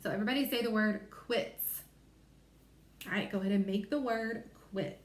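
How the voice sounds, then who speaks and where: A woman teacher giving a recorded phonics lesson to young children, sounding out letters and word parts slowly and clearly. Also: mid-range voice, echoey room.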